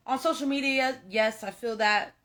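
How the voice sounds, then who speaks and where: A young woman delivers a casual tarot reading straight to her audience. Her voice is bright and forceful. She talks emphatically, swears freely, and keeps circling back to the same phrases. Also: on the high side, moderate pace. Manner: emphatic, repetitive, profane, addresses viewers directly. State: tearful at moments. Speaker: tarot reader. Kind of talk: casual spiritual reading monologue.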